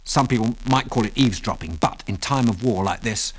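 A man voicing a young male pilot sidekick who talks abruptly and briskly. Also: lowish voice, natural voice.

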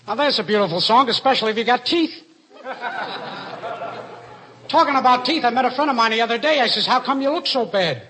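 A man telling rapid stand-up jokes in deadpan one-liners, on an old broadcast recording. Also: very high voice, over music, low-quality recording. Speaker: stand-up comedian.

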